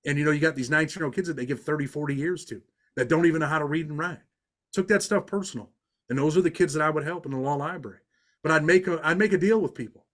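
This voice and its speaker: A man's voice: fairly high pitch, fast, fairly bright tone. A middle-aged man with a New York accent, a podcast guest telling long stories in an earnest, street-talking way, full of "you know" and restarts. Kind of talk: storytelling in a podcast interview.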